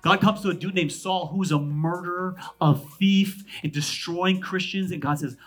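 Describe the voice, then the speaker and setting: A man in his thirties, a pastor from California, preaching a sermon. He jumps between loud, emphatic lines and hushed asides, with quick, conversational humor. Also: high voice, slightly rough, soft background music.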